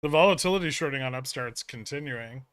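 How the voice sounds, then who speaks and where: A man's voice: medium pitch, brisk, a bit bright, dry recording. A man hosting a casual trading livestream, reading chat questions and answering with dry, sarcastic humor. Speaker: livestream host.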